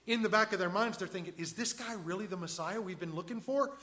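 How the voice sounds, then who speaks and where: A preacher with a high-pitched voice walks his listeners through a passage verse by verse. He talks conversationally, often asking them questions. He swings between loud emphasis and quiet asides. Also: brisk, hardly any pauses. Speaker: pastor. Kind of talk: expository sermon.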